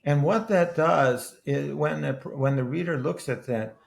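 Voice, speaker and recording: A man's voice: on the high side, unhurried, creaky. A man in his eighties, a guest in a podcast interview, telling stories in an earnest, rambling way with many restarted sentences. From Wisconsin. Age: 80s. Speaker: guest, author and former politician. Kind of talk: conversational podcast interview with anecdotes.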